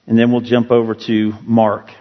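A man's voice: mid-range voice, monotone, moderate pace, long reverb tail, lo-fi sound. A male pastor preaching a sermon in a church, earnest and storytelling, leaning hard on key words. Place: church sanctuary.

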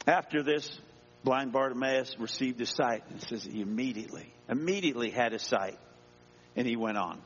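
A man's voice: medium pitch, normal speed, a little hiss or hum. A man preaching a sermon as pastor, reading scripture aloud and dramatically acting out the voices in it. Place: church. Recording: dull echoey church sound.

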